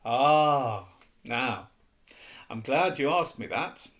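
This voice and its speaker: A man's voice: medium pitch, expressive, extremely slow, a bit bright. A man voicing a whimsical old male wizard headmaster, dreamy and playful.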